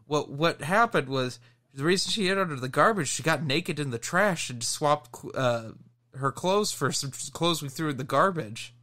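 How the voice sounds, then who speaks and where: A man co-hosting a casual podcast, telling an animated story and laughing as he goes. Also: on the high side, moderate pace. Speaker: podcast co-host.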